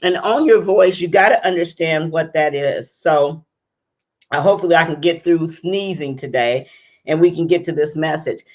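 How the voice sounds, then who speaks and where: A woman's voice: deep voice, moderate pace, darkish tone, lo-fi sound. A woman hosting a live-stream talk show, chatty and upbeat, greeting viewers by name, her voice strained by a cold. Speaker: talk show host and interview coach.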